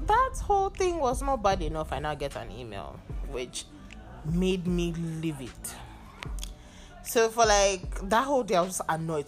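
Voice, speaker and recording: A young Nigerian woman hosting her own podcast, venting in an exasperated, animated way and swearing now and then. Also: medium pitch. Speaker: podcast host. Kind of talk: casual solo venting monologue.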